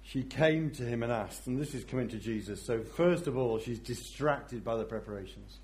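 A man preaching a sermon in a reflective way, often dropping to a soft voice for emphasis. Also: mid-range voice, animated, normal speed, slight background noise.

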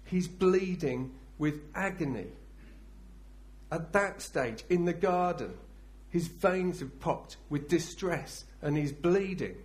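A man preaching a sermon, acting out scenes dramatically and swinging from loud bursts to hushed, intense speech. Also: fairly high pitch, animated, takes it slowly.

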